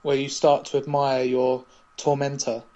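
A man's voice: medium pitch, completely flat delivery, measured pace, warm tone. A man co-hosting a podcast in casual chat, teasing his co-host with dry remarks. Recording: muffled lo-fi audio.

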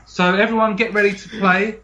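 A man's voice: high voice, little pitch movement, a little fast, sharp tone, highs cut off, slight background noise. A man hosting a comedy gaming podcast in a teasing, mock-formal way, often laughing. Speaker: podcast host.

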